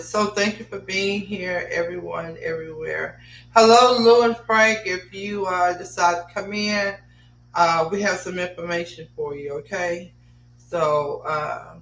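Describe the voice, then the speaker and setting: A woman hosting a podcast with her son, chatting casually with many fillers and reading notes aloud. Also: lowish voice. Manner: chatty, rambling, with frequent fillers. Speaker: podcast host and mother. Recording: roomy echo, distant mic, faint hum.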